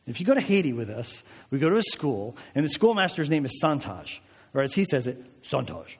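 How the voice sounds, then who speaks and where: A man with a slightly high voice preaches a sermon, retelling a story in a loose, conversational way full of rhetorical questions. His words ring out with a long reverb, as in a church sanctuary. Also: big pitch swings, fairly quick, husky. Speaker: pastor.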